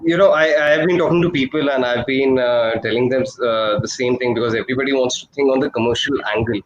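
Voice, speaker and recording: A man speaking as a panel guest on a video call, halting with many fillers and restarts. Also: mid-range voice, slight background noise, rough recording. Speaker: panel guest, film producer and actor.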